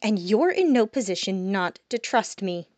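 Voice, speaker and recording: A woman voicing a calm, secretive female demon who speaks low and hushed. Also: normal speed, no echo, lightly acted. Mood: commanding. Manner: low, hushed, often whispered.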